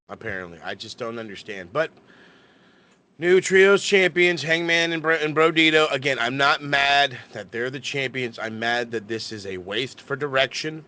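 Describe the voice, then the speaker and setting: A bright-voiced man ranting about wrestling. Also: mid-range voice. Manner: ranting, profane, lots of restarts. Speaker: podcast co-host. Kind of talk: casual wrestling chat.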